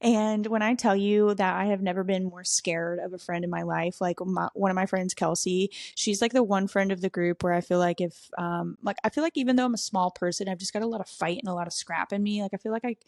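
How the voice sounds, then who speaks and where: A woman's voice: medium pitch, fairly even intonation, fairly quick, hardly any pauses, darkish tone, no echo, studio quality. A young woman hosting a podcast, telling a wild personal story in a candid, profane, self-mocking way. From southern United States. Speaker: podcast host. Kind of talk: casual storytelling.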